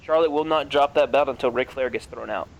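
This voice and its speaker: A man's voice: mid-range voice, fairly quick, vocal fry, low-quality recording. A man co-hosting a podcast in casual chat, blunt and opinionated, swearing freely. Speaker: podcast co-host.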